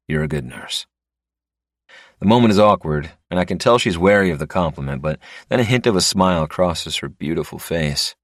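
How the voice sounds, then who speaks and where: A man narrates a first-person story with a deep, low voice. His delivery is dry and a little wry. The recording is close and dead, with no room sound. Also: dry recording.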